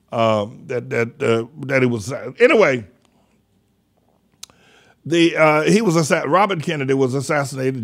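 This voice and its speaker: An older man hosting a radio talk show speaks in a creaky, mid-range voice. His political commentary is rambling, mocking, and sardonic, trailing off and restarting mid-sentence.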